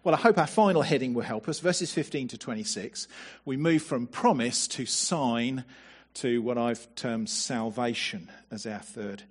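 A man's voice: mid-range voice, measured pace, husky. A man preaching a sermon in a conversational way, often asking rhetorical questions and repeating words as he starts a thought.

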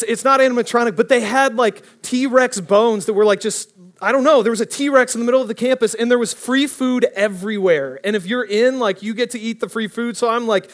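A young man preaching a casual storytelling sermon, animated and rambling, often breaking off mid-sentence. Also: extremely high pitch. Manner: animated, rambling, self-interrupting.

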